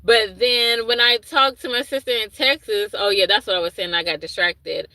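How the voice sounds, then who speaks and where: Woman, bright voice, dry close sound, casual livestream chat, rambling, talks to chat. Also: medium pitch, normal speed, no room sound, poor audio. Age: adult with a young son. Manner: rambling, loses her thread and restarts; reads and answers chat comments aloud. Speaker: livestream host.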